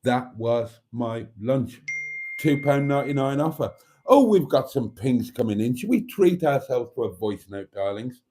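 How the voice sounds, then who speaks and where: A man hosts a relaxed livestream in an unhurried, sing-song voice that rises and falls a lot. His tone is mellow and dark, and he chats playfully, reading out comments and echoing words back. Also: mid-range voice. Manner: chatty and playful, echoes items back. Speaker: livestream host. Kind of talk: casual chat reading out viewer comments.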